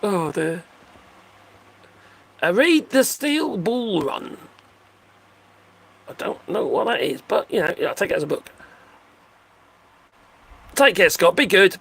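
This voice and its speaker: Casting: older livestream host, bright gravelly voice, high and very animated, jokey and rambling. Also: male voice, slow, long pauses. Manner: rambling, jokey, laughs often, answers viewer comments. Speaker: livestream host reading chat. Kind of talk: casual livestream chat. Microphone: phone.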